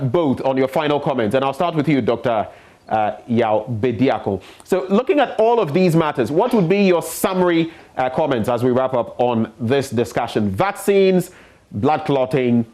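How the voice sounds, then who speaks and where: A man hosting a morning news show, moderating a panel briskly and cutting in to push the guests along. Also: mid-range voice, sing-song, darkish tone. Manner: brisk, interjecting, pushes guests to be brief.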